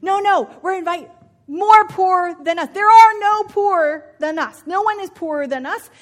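Woman doing eager high breathless laborer. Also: normal speed, close to an everyday voice. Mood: excited. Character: poor excitable laborer man, eager dreamer.

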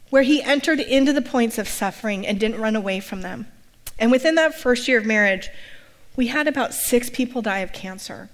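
Woman, middle-aged, pastor, higher-pitched voice, lively storytelling, testimony talk. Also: long reverb tail.

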